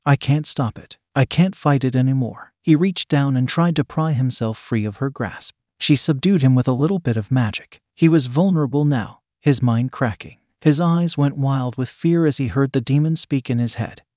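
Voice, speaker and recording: A man narrating a story in a steady, even reading voice. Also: mid-range voice, moderate pace, hardly any pauses, dry recording, studio quality. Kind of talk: scripted narration.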